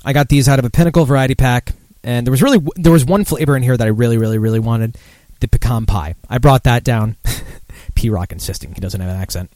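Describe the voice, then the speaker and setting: A man's voice: medium pitch, fast talker, darkish tone, dry recording. A man hosting a casual drinking podcast, rambling and sardonic with lots of profanity. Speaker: podcast host.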